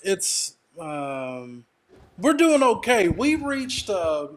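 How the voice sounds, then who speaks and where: A man's voice: high-pitched, sing-song, drawn-out words. A man with an Arkansas accent, a DJ guest talking candidly in a casual interview.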